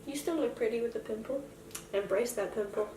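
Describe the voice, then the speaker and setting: A woman's voice: on the high side, fairly quick, dark tone, recorded from a distance, a little hiss or hum. A young woman in a casual makeup tutorial, chatty and self-joking as she explains each step. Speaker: makeup vlogger. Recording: roomy echo, voice from afar.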